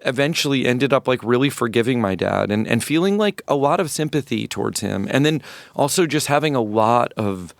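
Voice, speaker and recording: A man in his fifties from rural North Florida, a musician guest telling a personal story in an interview, reflective and halting with many restarts. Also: medium pitch, lively intonation, creaky, dry recording. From rural North Florida, USA.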